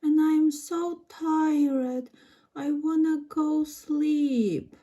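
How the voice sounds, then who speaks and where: Lady putting on a sweet girl doll voice, high and breathy, super slow, toy playtime. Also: fairly even intonation, dark tone. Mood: sleepy. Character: hot tired visiting girl doll, polite and sweet.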